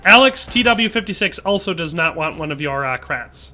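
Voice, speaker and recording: A man's voice: a little high, expressive, moderate pace, sharp tone, soft background music. A man, chatting casually and rambling with jokes while streaming a game and reading chat aloud. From Wisconsin, USA.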